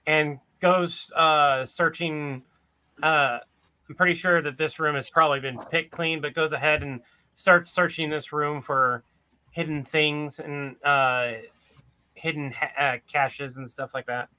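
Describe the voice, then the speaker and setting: A man's voice: a little high, steady tone, unhurried, sharp tone, smooth. A man playing a tabletop game, casually describing his character's actions aloud. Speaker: player.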